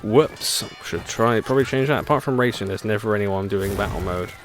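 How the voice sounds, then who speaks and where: A man's voice: lowish voice, a little fast, slight background noise. A man chatting casually as he streams a racing game, laughing often and reading chat aloud. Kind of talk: casual gameplay commentary. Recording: game music behind the voice.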